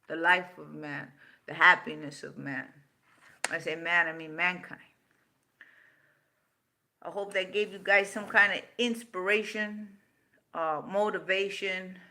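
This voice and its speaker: A woman in her fifties hosts an unscripted livestream, answering viewer comments, talking bluntly and swearing freely. Her voice is lowish with a sharp tone.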